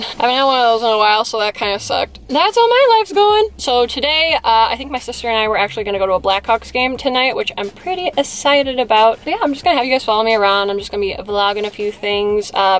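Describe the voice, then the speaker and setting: A woman's voice: mid-range voice, fairly bright tone. A woman in her twenties chatting casually to camera for her vlog, with many fillers and a slight lisp. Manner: chatty, lots of "like" and "uh". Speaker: vlogger.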